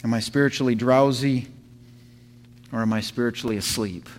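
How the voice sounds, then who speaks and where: A man preaching a sermon to his church, telling a story with animated sound effects. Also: medium pitch, normal speed. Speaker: pastor.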